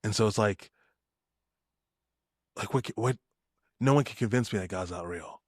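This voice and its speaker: A man's voice: on the low side, normal speed, breathy edge, no room sound, clean studio sound. A young man, a podcast guest, telling stories with spirit and acting out the lines of people in them. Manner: acts out dialogue in shifted voices, spirited. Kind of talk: animated storytelling.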